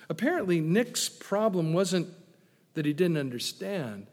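A man preaching a sermon as pastor, playful and animated, dropping to hushed tones for emphasis. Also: sits high, measured pace. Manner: animated, playful asides with sudden hushed drops. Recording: long echo of a large hall.

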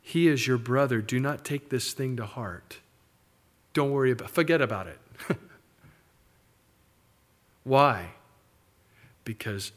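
Middle-aged male pastor, lively sermon delivery with mocking asides, mid-pitched voice. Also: takes it slowly, long pauses. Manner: animated preaching, mimics characters in asides.

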